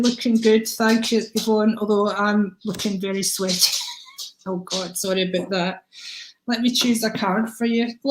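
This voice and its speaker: A psychic card reader does a live-stream reading, chatty and affectionate, calling viewers by name in a steady, medium-pitched voice at a moderate pace. The room is echoey, and there's a little hiss or hum.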